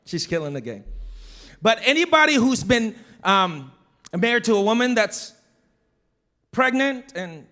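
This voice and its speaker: A man in his thirties, a pastor, preaching a sermon in a conversational, animated way. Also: high-pitched.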